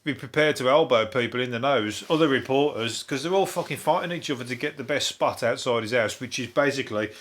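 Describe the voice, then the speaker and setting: A man's voice: mid-range voice, fast talker, few pauses, fairly bright tone. A man with a Birmingham accent, a comedian hosting a rambling, sweary comic news monologue. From Birmingham, England. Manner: sweary, laughing, digressive. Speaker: comedian host.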